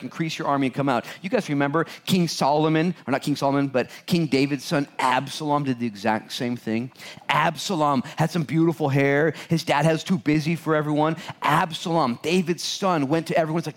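Male pastor, animated conversational preacher; asks the room questions and acts out voices. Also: medium pitch, normal speed. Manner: addresses congregation directly with questions. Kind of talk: sermon.

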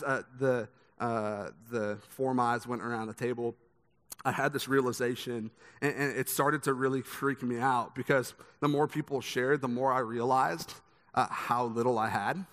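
A man's voice: mid-range voice, fairly bright tone. A young man preaching a sermon, speaking conversationally with a lot of repeated words as he tells stories. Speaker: pastor. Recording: long hall reverb.

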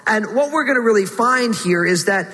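A man preaching a sermon, earnest and pleading, rising in pitch when he voices prayers. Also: animated, moderate pace, bright, forceful tone, long reverb tail, poor audio. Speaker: pastor.

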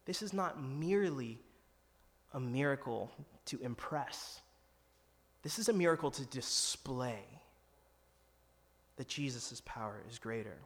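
A man's voice: mid-range voice, animated, a little slow, long pauses. A man preaching a sermon in an earnest, conversational way, acting out quoted lines with some drama. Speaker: pastor. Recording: long hall reverb.

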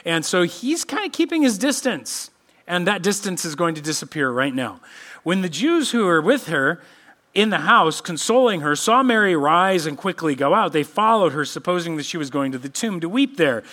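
Bright, lively-voiced male preacher. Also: sits high, normal speed. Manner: expressive preaching, acting out quoted voices. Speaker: pastor. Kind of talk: sermon. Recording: church podcast sermon.

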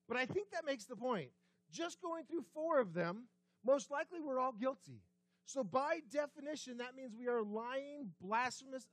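A man's voice, high and animated, swinging widely in pitch as he preaches. He talks to the congregation with rhetorical questions and sinks to a hushed, quiet tone to drive points home. The sound is close and dry, with little room around it. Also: slightly rough, dry recording. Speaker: pastor. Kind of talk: sermon. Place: church sanctuary.

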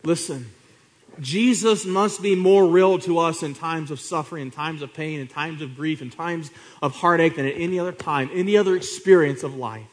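A man preaching a sermon, swinging from hushed to loud, with repeated rhetorical questions to the congregation. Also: fairly high pitch, normal speed.

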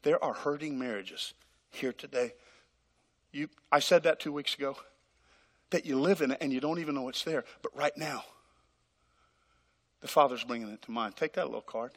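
A man's voice: mid-range voice, normal speed, long pauses. A man preaching a dramatic sermon as pastor, acting out conversations with God, recorded live in a church. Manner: dramatic, acts out dialogues with God. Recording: live hall reverb.

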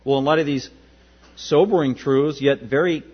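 A pastor preaching a sermon with emphatic rises to loud peaks and drops to quiet asides, his voice a bit husky. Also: fairly high pitch, moderate pace. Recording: dull lo-fi with mains hum.

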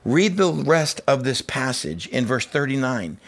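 A man preaching a sermon to his church, moving between quiet, low asides and loud, rising passages, and acting out inner voices and quoted speakers. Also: lively intonation, moderate pace, hardly any pauses. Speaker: pastor.

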